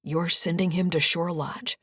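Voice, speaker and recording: A woman voicing a grown son who speaks in a quiet, measured way. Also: fairly low pitch, fairly even intonation, slightly rough, no room sound, clean studio sound. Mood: surprised. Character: man, the narrator's son, calm and questioning.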